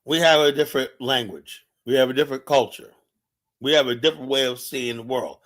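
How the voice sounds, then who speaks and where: The livestream host speaks briskly in a medium-pitched, fairly bright voice with fairly even intonation. Heated and combative, he swears through a political monologue, frequently repeating phrases and calling out his viewers directly.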